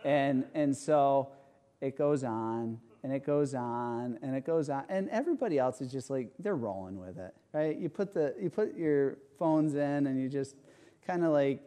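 Male pastor, mellow tone, chatty storytelling sermon with lots of asides. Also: mid-range voice, moderate pace, clear, resonant tone. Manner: animated storytelling, rhetorical asides. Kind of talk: conversational sermon with personal story.

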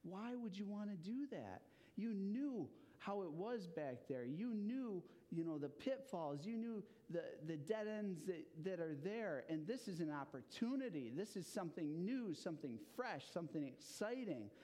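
A man's voice: normal speed, few pauses. Man putting on an eager explorer captain. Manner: excited, pleading, pitched up. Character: eager male explorer captain, rousing and persuasive. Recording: long hall reverb.

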